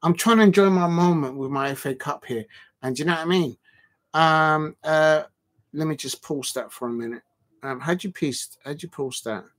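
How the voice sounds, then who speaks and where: Hosting a live football watch-along, this man speaks at a moderate pace in a slightly high voice, reading out viewer comments in casual chat. His banter is animated and rambling, full of fillers and restarts, and his voice jumps up whenever he protests.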